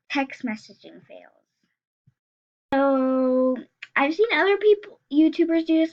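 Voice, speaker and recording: A girl in her teens chatting casually to viewers, rambling with lots of fillers as she reads funny text messages aloud. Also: sits high. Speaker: YouTuber. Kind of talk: casual reaction vlog, reading texts aloud. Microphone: screen recorder, built-in mic. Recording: slightly dull lo-fi sound.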